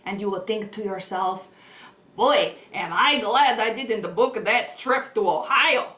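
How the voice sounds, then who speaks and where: A woman playing a cheery, morbid skeleton tourism guide, with a chatty sales pitch that swings between loud and hushed. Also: measured pace. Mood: persuasive. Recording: roomy sound from a distance.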